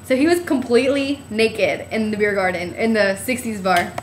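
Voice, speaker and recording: A woman's voice: medium pitch, moderate pace, roomy sound, slight background noise. A young woman from New Jersey telling a trip story in a giggly, rambling way, full of "like". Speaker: vlogger. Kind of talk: casual storytelling.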